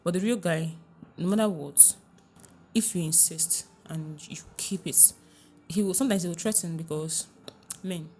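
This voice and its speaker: Earnest woman coach, slightly low voice. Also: darkish tone, a little hiss or hum. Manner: earnest and emphatic, repeats key phrases. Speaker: relationship coach. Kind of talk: podcast interview, giving advice.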